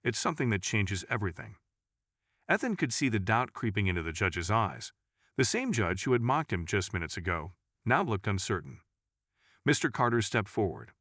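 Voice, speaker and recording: A man narrating a dramatic courtroom story in a suspenseful, measured reading. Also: on the low side, sing-song, a bit bright, dry recording, studio quality.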